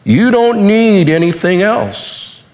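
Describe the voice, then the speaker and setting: A man preaching a sermon with animated delivery, acting out quotes, while losing his voice. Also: high voice, slow. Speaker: pastor.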